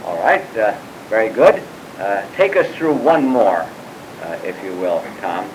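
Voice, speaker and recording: A man's voice: lowish voice, very animated, a little slow, slight background noise, rough recording. A man teaching a Bible class, explaining passages and putting questions to his students, with frequent asides and hesitations.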